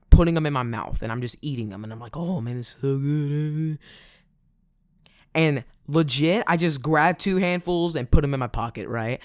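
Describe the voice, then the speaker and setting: A man's voice: mid-range voice, dry recording, studio quality. A man telling a casual storytime in a rambling way, full of fillers. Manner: rambling, filler-heavy, "like" every few words. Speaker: vlogger.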